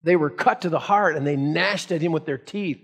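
Male pastor, high voice, Sunday school teacher, asks the class rhetorical questions. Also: normal speed, a bit bright, breathy edge. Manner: reads scripture aloud.

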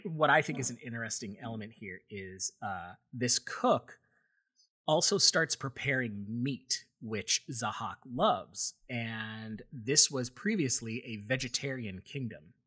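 A young man retells a story for his podcast co-host. His voice is bright with a husky edge. He rambles, restarting sentences and piling on fillers. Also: mid-range voice. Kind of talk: casual storytelling chat.

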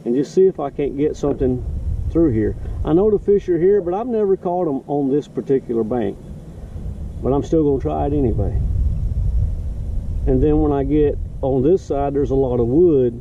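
A man's voice: medium pitch, warm tone. Male fishing vlogger, easygoing and self-correcting, outdoors on a lake with a faint hiss behind him. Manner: rambling, self-correcting, folksy. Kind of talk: casual outdoor vlog narration. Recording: distant, muffled outdoor camera audio.

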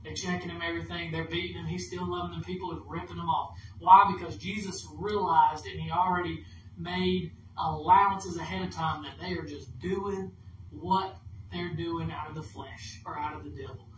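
A man's voice: a little high, fairly even intonation, normal speed. A man preaching a casual, conversational sermon as minister, acting out inner dialogue and leading prayer. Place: church hall. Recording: echoey room, distant mic, background noise.

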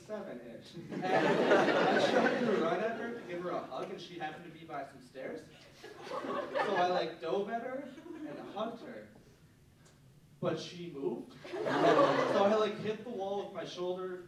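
A young man doing a stand-up set, telling self-deprecating stories in a rambling, filler-heavy way, recorded live on a club stage. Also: a little high. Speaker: stand-up comedian. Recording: very roomy live club audio, distant, loud background noise. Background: audience laughter.

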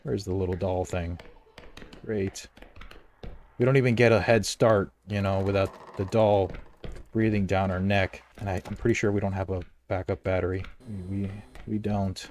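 A man doing let's play commentary on a horror game, excitable, repeating phrases over and over and swinging between low mutters and loud outbursts. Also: normal speed, slight background noise. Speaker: gameplay commentator.

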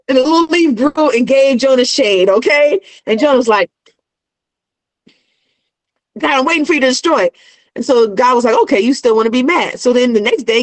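A woman's voice: high-pitched, no echo, low-quality recording. A young adult woman in casual chat, retelling a story with acted-out character voices and frequent laughter. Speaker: guest.

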